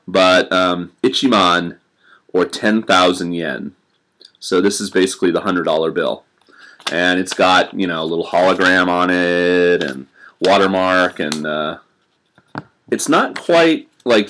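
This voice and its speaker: A man's voice: low voice, fairly bright tone, a little hiss or hum. A young man chatting casually to camera in a rambling, self-deprecating way with many fillers. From United States. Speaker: vlogger living in Japan.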